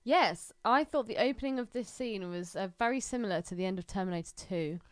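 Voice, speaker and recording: A woman's voice: medium pitch, brisk, smooth. A young English woman co-hosting a casual podcast, playful and joking. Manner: playful, puts on jokey foreign phrases. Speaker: podcast co-host.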